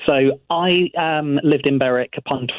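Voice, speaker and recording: Relaxed, friendly male caller heard down a phone line. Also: a little high, unhurried, dry recording. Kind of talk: casual phone call to radio show.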